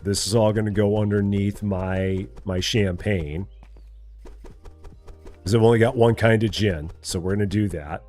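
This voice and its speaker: A man's voice: fairly low pitch, steady tone, measured pace, darkish tone, faint music behind. A middle-aged man streaming a store simulator game, talking to himself casually as he stocks shelves and answering viewers in chat. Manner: talks to himself, chatty, reads viewer chat aloud. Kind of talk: casual live gameplay commentary.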